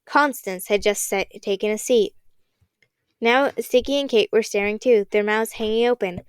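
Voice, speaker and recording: Smooth-voiced woman narrating an audiobook. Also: mid-range voice, moderate pace, no echo. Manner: expressive, dramatic reading.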